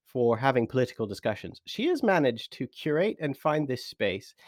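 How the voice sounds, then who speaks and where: A British man hosting a podcast interview, chatty and animated, laughing easily as he introduces his guest. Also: on the high side, no room sound, clean studio sound. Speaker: podcast host.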